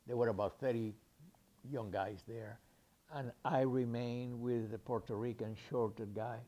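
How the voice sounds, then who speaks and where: Older man with a mellow voice, rambling. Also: mid-range voice, fairly even intonation, a little slow. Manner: rambling, with fillers and restarts, acts out the people he quotes. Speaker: storyteller. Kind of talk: recounting a personal anecdote.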